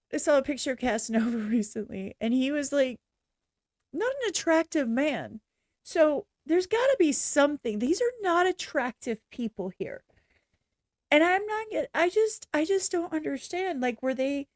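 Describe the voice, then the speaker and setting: A woman hosting a casual reaction video, talking in a rambling, halting way with blunt opinions. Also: high voice, a little mellow, dry recording, clean studio sound. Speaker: reaction channel host. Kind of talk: casual unscripted reaction commentary.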